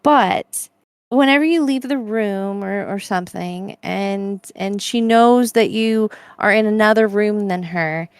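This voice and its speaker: A young woman co-hosting a podcast, chatting casually and telling a story with lively put-on voices and giggles. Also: medium pitch, unhurried, clear, resonant tone, no echo. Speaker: podcast co-host. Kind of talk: casual chat.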